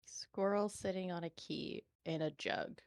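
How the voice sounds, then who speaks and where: Lower-voiced woman player, wry. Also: fairly even intonation, measured pace. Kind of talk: casual chat at a gaming table.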